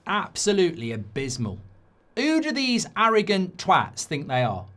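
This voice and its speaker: A middle-aged man rants his way through a live football watchalong, swearing freely and slipping into whiny mock voices. His voice is bright and forceful, sitting a touch high and swinging widely in pitch as he reacts and reads out chat messages. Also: huge pitch swings, moderate pace.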